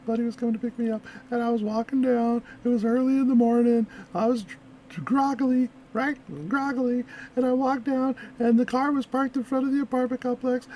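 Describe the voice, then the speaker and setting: Young woman, high voice, casual reaction chatter, laughs a lot, rambling stories, faint hiss. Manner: laughs often, rambling animated anecdotes. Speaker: reaction video host.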